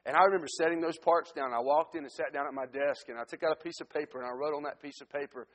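A man tells his story from the pulpit in an earnest way, stumbling and restarting as he goes. His voice sits somewhat high for a man. A long church-hall reverb trails behind every phrase. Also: steady tone, fast, few pauses, fairly bright tone. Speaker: missionary preacher. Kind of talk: testimony sermon to a congregation. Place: church sanctuary.

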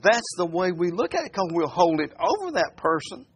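A man preaching a sermon. He reads scripture aloud slowly, breaks into folksy asides, and keeps asking his listeners questions. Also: high-pitched, breathy edge. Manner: animated, asks the listeners questions.

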